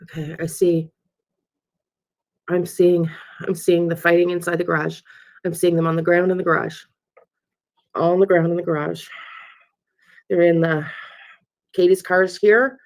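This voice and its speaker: A woman working as a psychic medium in a live spirit-channeling session, speaking haltingly, repeating herself and often dropping to a whisper. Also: fairly low pitch, little pitch movement.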